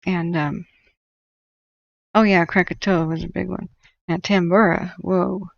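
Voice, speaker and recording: A woman's voice: on the low side, steady tone, a little slow, vocal fry, dry recording, highs cut off. A woman from northern California hosting a livestream, telling rambling stories with frequent laughs. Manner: rambling storyteller, laughs often. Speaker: livestream host. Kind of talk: casual chat while tracking wildfires.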